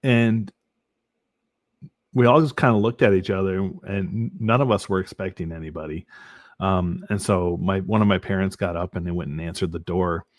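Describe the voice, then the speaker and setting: Man, very low voice, dry close sound; earnest podcast guest sharing faith testimony, halting with restarts. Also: fairly even intonation, no echo. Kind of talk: personal faith testimony in an interview.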